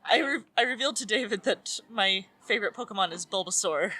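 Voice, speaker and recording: A woman's voice: medium pitch, fairly quick, pushed and bright. A woman co-hosting a podcast at a convention, giggly and gushing in casual chat. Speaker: podcast co-host. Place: convention floor.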